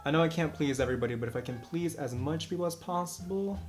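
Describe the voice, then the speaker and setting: A man's voice: a little high, fast, faint music behind. Chatty young man doing makeup. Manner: chatty, joking and self-mocking. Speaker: makeup vlogger. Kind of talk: casual makeup tutorial chat. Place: at home during quarantine.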